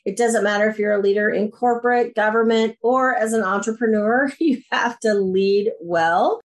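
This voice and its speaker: A woman guest on a podcast interview, talking in an enthusiastic, animated storytelling way. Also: medium pitch, normal speed. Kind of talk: casual interview chat.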